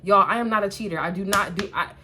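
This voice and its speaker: A woman's voice: medium pitch, fast talker, background noise. Young woman, vlogger, casual storytime, doing makeup, chatty, talks to viewers, lots of "like" fillers. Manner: chatty, animated storytelling that addresses the viewers directly; frequent "like" fillers and asides.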